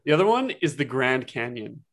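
A man's voice: mid-range voice, very animated, fairly quick. Enthusiastic man in a mid-range voice. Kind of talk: casual chat.

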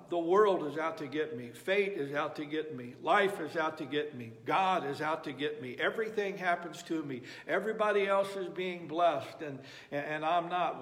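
A man's voice: on the high side, fairly bright tone. Guy preaching a sermon, hammers his points by repeating them, lots of room echo. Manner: emphatic, repeats phrases for effect. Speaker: pastor. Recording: echoey hall reverb.

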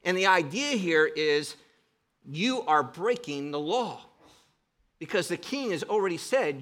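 A man's voice: high voice, expressive, a little slow, a bit bright. A man preaching a sermon as pastor, emphatic and exhorting with rhetorical questions.

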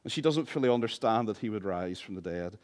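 A man's voice: on the low side, expressive, fast. Impassioned preacher man. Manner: impassioned preaching, swinging from soft to loud; humorous asides. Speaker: pastor. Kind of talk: sermon.

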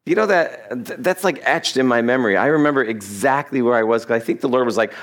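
A man's voice: medium pitch, quick pace, few pauses. Conversational male pastor preaching. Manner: conversational, animated, laughs at his own asides. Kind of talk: expository sermon. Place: church sanctuary.

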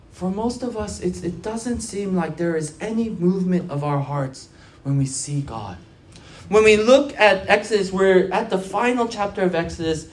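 Speaking in a mid-range voice, this pastor tells stories through a conversational sermon, his delivery animated and shifting from soft to loud. He frequently repeats and restarts phrases, and the recording has a roomy sound.

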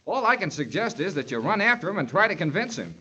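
A man's voice: sits high, very animated, fast talker, bright, forceful tone, breathy edge, heavily acted. An actor playing an injured, kindly townsman who reasons urgently, in a dull old radio recording. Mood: concerned.

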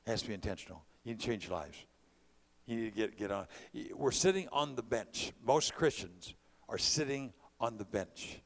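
A man's voice: on the low side, expressive, normal speed, creaky. A man from California preaching a sermon, mixing conversational storytelling with impassioned calls to his congregation. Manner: preaching with rising bursts of volume.

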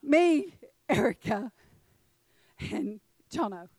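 A middle-aged woman, telling a personal story to a congregation in an animated, laughing way. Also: on the high side, takes it slowly, breathy edge, no echo, poor audio. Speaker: church speaker.

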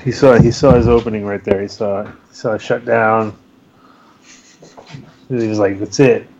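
A man's voice: fairly low pitch, steady tone, normal speed, gravelly, dull audio, background noise. A man hosting a casual live studio podcast, rambling with frequent restarts and laughs. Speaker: podcast host.

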